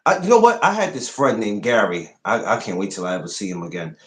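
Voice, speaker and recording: A man's voice: fairly low pitch, quick pace. A man hosting a podcast, chatting casually, telling stories and asking probing questions. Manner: animated storyteller, asks probing questions. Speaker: podcast host.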